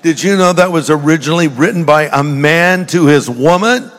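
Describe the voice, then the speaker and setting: Older male pastor, folksy storytelling sermon, slightly high voice, reverberant hall. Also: moderate pace, a bit bright.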